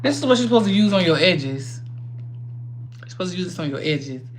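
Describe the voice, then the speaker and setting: Woman livestreamer, low-pitched, loose and profane, faint background hiss. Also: animated, a little fast. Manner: chatty, rambling, swears freely, talks to viewers. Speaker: livestream host. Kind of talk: casual livestream chat while doing makeup.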